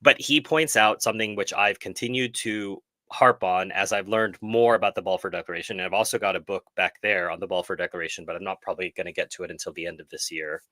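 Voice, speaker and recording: A man's voice: low-pitched, steady tone, fast, hardly any pauses, sharp tone, no room sound. Earnest man hosting a live stream. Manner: earnest, reflective, frequent self-corrections. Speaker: host of a film club live stream. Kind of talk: casual live stream discussion.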